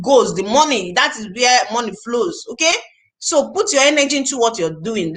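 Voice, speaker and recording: A woman leading a motivational training talk on recruiting, emphatic and repetitive, drilling each point home. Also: on the high side. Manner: acts out the prospect conversations in animated voices. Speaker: network marketing team leader and trainer.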